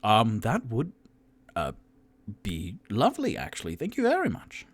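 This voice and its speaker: A man voicing a towering, gentle male elephant-folk adventurer in a tabletop game, speaking softly, politely and with hesitation. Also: fairly low pitch, huge pitch swings, unhurried, slightly rough, no echo, heavily acted. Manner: soft-spoken, hesitant and polite. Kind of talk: tabletop role-play voice.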